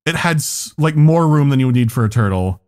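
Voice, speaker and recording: A man's voice: mid-range voice, lively intonation, fairly quick, a little mellow. A man hosting a podcast, telling a story in casual chat, laughing often and swearing freely. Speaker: podcast host.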